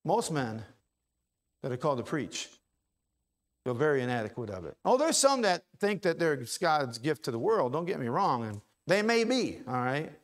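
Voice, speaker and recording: A high-pitched male pastor delivering a church sermon. He builds to forceful, repeated declarations, then drops into soft, quick, chatty asides. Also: very animated. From Ohio. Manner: swings from loud preaching to low, quick asides. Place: church sanctuary.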